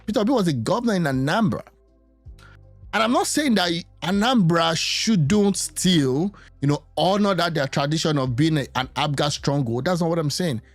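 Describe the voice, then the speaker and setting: A man's voice: a little high, animated, no echo, faint music behind. A man giving casual political commentary, thinking aloud with many restarts and fillers. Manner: musing, halting, with many restarts.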